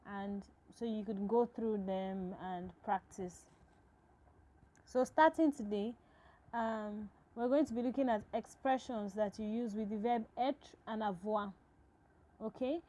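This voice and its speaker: A woman's voice: a little high, mellow, low-quality recording. A woman teaching a French lesson to absent students, talking patiently, repeating each phrase and checking in with "okay?".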